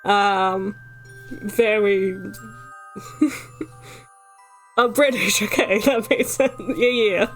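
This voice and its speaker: A woman's voice: medium pitch, extremely slow, long pauses, soft background music. A woman with a Dutch accent, casually recapping a story as a streamer, sweary and full of fillers and laughs.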